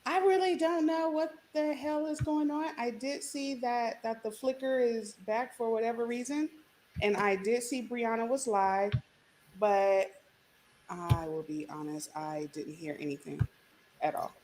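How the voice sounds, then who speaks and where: A woman's voice: a little high, fairly even intonation, a little slow, darkish tone, a little hiss or hum. A woman calling into a live stream, blunt and casual, swearing freely. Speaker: guest caller. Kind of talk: casual chat.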